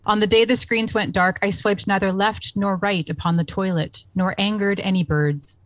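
A woman reading aloud in a mock-solemn storybook narrator voice, slow and stately. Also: mid-range voice, steady tone, dry recording, pitched above the performer's own voice, natural voice, low-quality recording.

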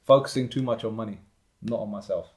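A man's voice: on the low side, quick pace, darkish tone. A man from Slough with a London-area English accent, a guest talking property investing in an emphatic, motivational way in a casual podcast chat. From Slough, England. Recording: roomy echoey room.

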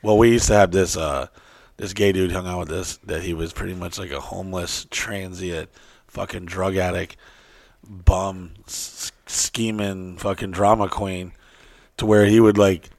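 A man co-hosting a casual chat, telling profane stories with lively voiced impressions. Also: deep voice, no echo, studio quality. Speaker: podcast co-host.

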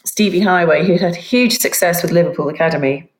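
Casting: low-pitched woman, wry football pundit, echoey room. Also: a little fast. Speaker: podcast panelist. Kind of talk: casual football chat.

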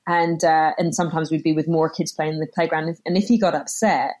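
Woman, 30s, podcast host, lower voice, reflective and casual, animated when quoting. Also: brisk. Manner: reflective, acts out quotes animatedly. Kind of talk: casual conversation.

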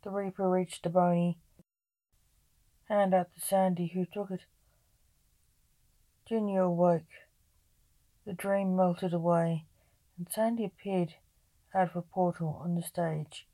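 A woman reads a dark fantasy story aloud, in a slow, unhurried way. Her voice sits low and mellow, and she narrates evenly. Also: little pitch movement. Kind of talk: reading a gothic story aloud.

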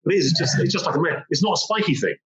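Fast-talking man telling a story. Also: on the high side, lively intonation, a loud crowd. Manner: vivid storyteller, repeats phrases, acts out moments. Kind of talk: personal storytelling. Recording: roomy, dull lo-fi sound.

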